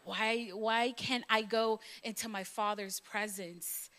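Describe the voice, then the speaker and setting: A woman's voice: mid-range voice, fairly even intonation, slow, a bit bright. A woman from Puerto Rico, a guest therapist, explaining conversationally at a church Q&A. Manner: conversational, explanatory, asks rhetorical questions. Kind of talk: church Q&A answers. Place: church sanctuary.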